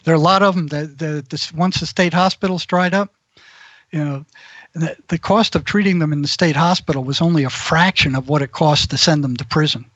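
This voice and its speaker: A man's voice: fairly high pitch, fairly quick, fairly bright tone, no echo, muffled recording. A man, a mental health practitioner, telling rambling prison anecdotes as an interview guest. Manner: rambling storyteller who acts out quoted voices.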